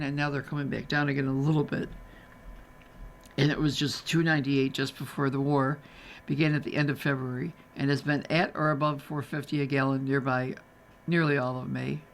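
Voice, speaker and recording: A volunteer reader for a radio reading service, this man reads newspaper articles aloud in a slightly high, fairly bright voice. He's chatty, slipping in casual asides as he goes, and the recording carries a little hiss or hum.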